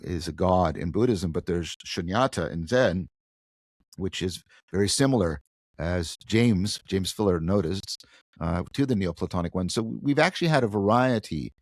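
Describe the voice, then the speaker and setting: A man being interviewed, thoughtfully explaining ideas in a conversational podcast, with lively emphasis and frequent restarts. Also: sits low, measured pace, no room sound. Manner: thoughtful, animated, frequent restarts and self-corrections. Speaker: guest philosopher.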